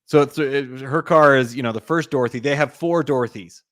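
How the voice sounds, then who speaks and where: This podcast co-host is a young man with a medium-pitched, fairly bright voice who speaks fairly quickly. He meanders through a film's story in casual chat, full of fillers and "like," performing the characters' lines. It's a dry, studio-quality recording.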